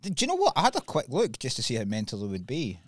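Man, guest, animated storyteller, lots of laughter, dry sound. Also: mid-range voice, fast talker, no room sound. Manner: lively storyteller, laughs often. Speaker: podcast guest. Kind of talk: casual chat.

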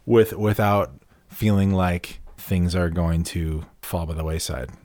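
Man, very low pitch, podcast co-host, casual rambling chat, dry sound. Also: fairly even intonation, measured pace, a little mellow, no echo. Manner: eager, rambling fan talk with fillers and restarts.

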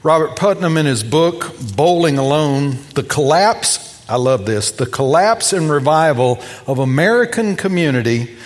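A high-pitched male preacher delivers a storytelling sermon, swinging from hushed asides to bold outbursts as he acts out the people in the story. His voice trails off into the long reverb of a church sanctuary. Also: lively intonation, normal speed, hardly any pauses. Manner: storytelling preacher acting out voices, shifting loud and soft. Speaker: pastor.

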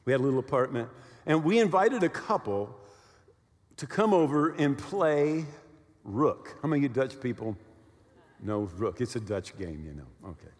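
A man in his sixties preaching a sermon, telling stories with lively asides and often asking his listeners "right?". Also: mid-range voice, moderate pace. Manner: animated storytelling with many "right?" check-ins. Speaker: pastor. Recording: long hall reverb.

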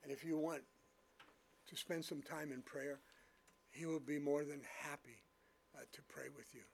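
A male pastor with a slightly raised voice preaches with lively storytelling. He swings from booming to hushed and prays with earnest fervor. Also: moderate pace, creaky, a little hiss or hum. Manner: earnest, fervent in prayer. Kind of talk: sermon with personal storytelling and closing prayer.

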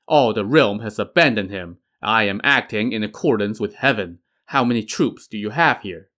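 A man's voice: on the low side, normal speed, fairly bright tone, close to an everyday voice. A man voicing an earnest, dutiful young prince who is easily swayed.

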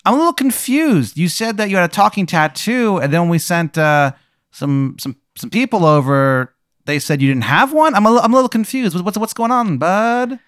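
A man voicing a confused, friendly woman calling from a company, fumbling over her words in a high voice. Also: expressive, fairly quick, fairly bright tone, smooth, dry recording, studio quality.

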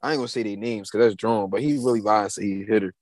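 A man's voice: fairly low pitch, steady tone, very fast, darkish tone, no room sound. A young man in casual conversation, telling stories in street slang and acting out what people said. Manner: slangy storytelling with acted quotes. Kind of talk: casual chat.

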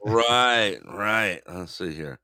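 A man's voice: lowish voice, expressive, very slow, sharp tone, no echo, studio quality. A man co-hosting a live news show, laid-back and chuckling, greeting viewers in the chat. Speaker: co-host.

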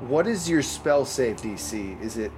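Slow-talking male dungeon master. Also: medium pitch, animated, over music. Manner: casual, profane, laughing narration. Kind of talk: narrating a tabletop game.

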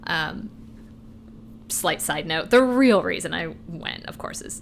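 A woman's voice: on the low side, lively intonation, takes it slowly, vocal fry, a little hiss or hum. A woman co-hosting a podcast in casual chat, rambling and swearing freely, laughing as she goes. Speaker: podcast co-host.

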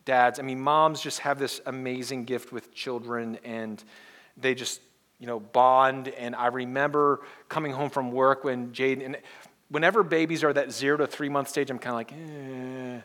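Speaking in a mid-range, steady voice at moderate speed, a male preacher gives an earnest message. His delivery moves from soft to emphatic, and he prompts call-and-response from the congregation.

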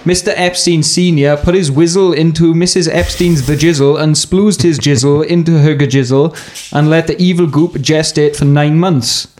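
A man's voice: a little high, steady tone, moderate pace, hardly any pauses, a little mellow. A man co-hosting a podcast in casual chat, telling a story in a crude, jokey way with lots of fillers. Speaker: podcast co-host.

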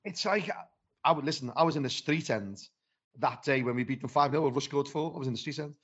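A man's voice: fairly high pitch, brisk, a bit bright, husky. Blunt matey guy rambling about reffing, muffled lo-fi sound. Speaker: football referee. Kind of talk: casual podcast chat.

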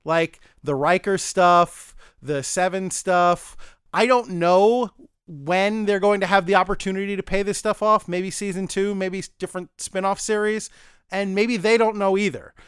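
A man's voice: high-pitched, moderate pace, a bit bright, clear, resonant tone, no echo, clean studio sound. A man hosting a podcast, casually reviewing a TV episode, rambling, chuckling and acting out the characters' lines. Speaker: podcast host.

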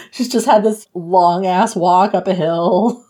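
A woman's voice: on the low side, takes it slowly. Casual woman retelling a book. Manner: animated retelling with acted-out quotes and frequent laughs. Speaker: book podcast host.

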